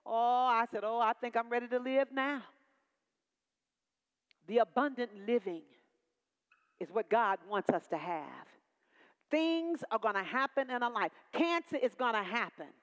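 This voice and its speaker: A woman's voice: a little high, lively intonation, measured pace, pauses often. A woman in her sixties from Texas, preaching a personal testimony with call-and-response emphasis. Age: 60s. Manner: call-and-response preaching, rising to emphatic peaks then dropping soft. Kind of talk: testimony sermon. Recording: long hall reverb.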